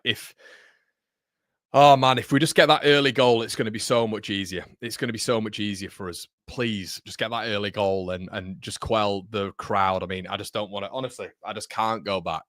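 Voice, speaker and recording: Lowish voiced bloke hosting a live watchalong, chatty, keeps saying mate, dry close sound. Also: male voice, a bit bright, dry recording. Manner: chatty, reads chat aloud, calls viewers mate. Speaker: livestream host. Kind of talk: casual live watchalong chat.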